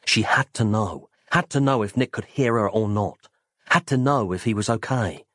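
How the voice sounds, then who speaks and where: A man narrating an audiobook in an animated, playful storytelling manner. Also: on the low side, normal speed, no echo, studio quality. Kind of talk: scripted narration.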